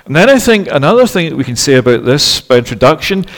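Earnest preacher, raised voice. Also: male voice, a little high, very animated, a bit bright. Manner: earnest, measured delivery with frequent "eh" fillers and "it is that" phrasing. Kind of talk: sermon.

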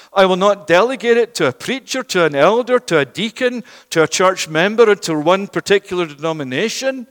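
A man's voice: high voice, fairly bright tone, in a large hall. A man preaching a sermon in a church, emphatic and repeating words for stress.

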